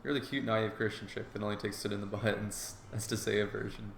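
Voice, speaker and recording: A man's voice: on the low side, steady tone, fast, gravelly, slight background noise. A man voicing a crude teasing teen guy. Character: brash crude teenage male animal. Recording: echoey room, soft guitar music.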